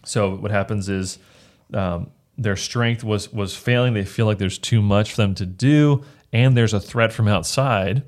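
Low-voiced pastor discussing scripture. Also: male voice, measured pace. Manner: earnest, reads verses aloud, frequent restarts. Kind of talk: casual Bible discussion.

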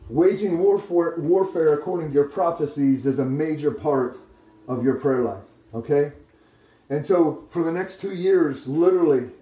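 A male preacher with a fairly high, mellow, warm voice tells a sermon testimony in an echoey room. He keeps checking in with "okay?" and "right?", and his voice rises loud and excited as the story builds. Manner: grows loud and excited while retelling.

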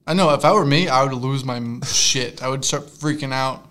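Young man, co-host, casual comedic chat, giggly, rambling, mid-pitched. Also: moderate pace, a bit bright. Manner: giggly, rambling, trails off into mumbles. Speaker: podcast co-host.

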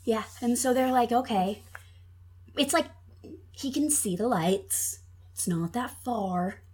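Speaking slowly in a high-leaning voice with a darkish, breathy edge, this podcast guest from Minnesota chats her way through a true crime case. She fills the story with plenty of ums and likes.

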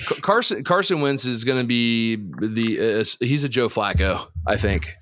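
A man co-hosting a casual sports podcast, animated and loud, swearing and laughing often. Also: medium pitch, normal speed, a little hiss or hum. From US East Coast. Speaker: podcast co-host.

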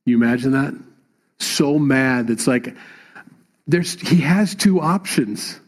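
Pastor, man, mid-pitched, chatty sermon delivery with emphatic swells. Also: slow, pauses often. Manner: conversational preaching, rising emphatic at times.

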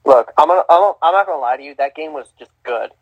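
A man's voice: a little high, dry recording, lo-fi sound. Emphatic man talking college football. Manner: animated, emphatic, swears freely, restarts a lot. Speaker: podcast host. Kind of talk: casual sports talk.

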